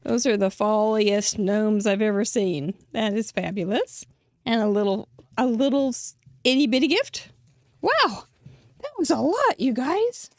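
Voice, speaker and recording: Gushing crafty lady host, kinda high voice, dry close sound, laughs a lot. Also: animated, a little slow, dry recording. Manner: chatty and effusive, laughs often. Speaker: host of a card-making show. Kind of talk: casual chat to viewers.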